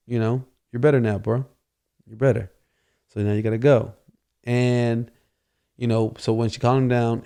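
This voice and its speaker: A man's voice: lowish voice, dark tone. A man hosting a podcast, telling a casual story and rambling with constant "you know" fillers. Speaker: podcast host.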